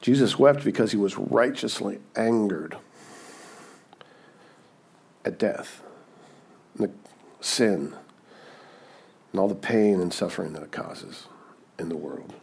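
A man preaching a sermon, dynamic and conversational, rising to emphatic peaks and dropping to hushed moments, often checking in with his listeners. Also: on the low side, expressive, slow pace, vocal fry, pauses often, breathy edge. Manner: conversational, checks in with "okay?" and "right?". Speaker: pastor.

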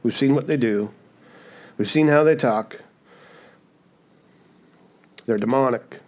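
A man's voice: medium pitch, takes it slowly, darkish tone. A man preaching a sermon in a conversational way, often asking "right?" and acting out the voices he quotes. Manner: acts out quoted voices in asides. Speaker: pastor.

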